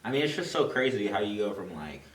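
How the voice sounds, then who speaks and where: A man's voice: lowish voice, very animated, fast talker, recorded from a distance, a little hiss or hum. Young male podcast co-host, loose rambling chat, echoey room, sitting back from the mic. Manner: loose, rambling, heavy on "like" and "you know". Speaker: podcast co-host, new father. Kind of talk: casual chat. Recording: roomy, from off the mic.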